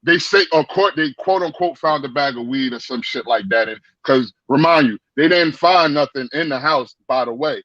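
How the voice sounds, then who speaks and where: A man telling a story in a casual chat, animated and profane, with lots of stammered restarts, on dry lo-fi stream audio. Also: mid-range voice, normal speed, hardly any pauses, dry recording. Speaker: guest.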